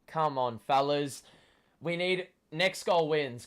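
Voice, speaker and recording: A young man, hoarse from shouting, gives a live fan commentary of a football match, swearing and yelling at the play. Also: a little high, slow pace. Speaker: watchalong host.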